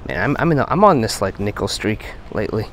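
A man giving casual running commentary while metal detecting on a beach at night, chatting to his finds with excited bursts. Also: lowish voice, quick pace, slight background noise. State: out of breath.

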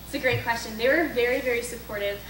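A young woman speaks casually to a group, telling stories and taking questions in a chatty, self-correcting way. Her voice sits a little high and comes from some distance off the mic. The room is echoey, with a faint hiss behind her. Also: fast talker, a bit bright. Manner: chatty, storytelling, frequent likes and self-corrections. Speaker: speaker at a young adult faith event. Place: parish hall.

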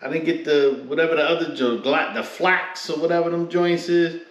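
A man's voice: fairly high pitch, steady tone, normal speed, a bit bright. A man from the Philly–New York area talks through a sneaker unboxing in loose, slangy, joking asides. The room is echoey and the sound a bit muffled. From Philadelphia–New York area. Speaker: sneaker reviewer. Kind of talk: casual unboxing vlog.

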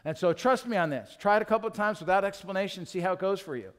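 Animated male pastor, higher voice. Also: fast talker. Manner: animated, acts out quotes in other voices. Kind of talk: sermon. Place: church. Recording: long reverb of a church hall.

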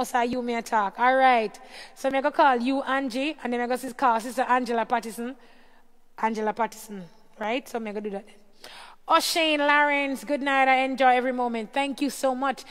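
A woman hosts a casual livestream in a high voice, calling out viewers' names and greeting each in turn. Her voice sounds a little worn. A long reverb trails behind her words. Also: clear, resonant tone. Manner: reads out viewer names and greets them warmly one by one. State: voice tiring. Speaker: livestream host.

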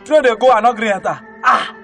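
High-voiced Nigerian comic storyteller. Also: male voice, a little fast, bright, forceful tone, soft background music. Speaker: comedian.

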